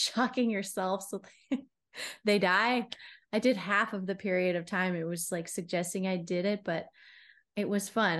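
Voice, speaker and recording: Chatty, giggly woman host. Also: lowish voice. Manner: chatty, laughs often. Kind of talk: casual chat.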